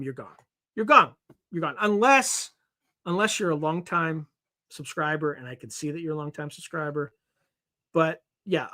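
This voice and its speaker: A man hosting a livestream and reading out viewer comments, talking fast and animated on extra caffeine. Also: on the high side. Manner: wired on caffeine, rapid and animated. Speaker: livestream host.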